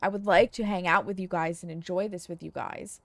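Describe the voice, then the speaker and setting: A woman's voice: on the low side, steady tone, fairly quick, a bit bright, dry recording. A woman streamer talking casually to her viewers, frustrated and venting, with some swearing.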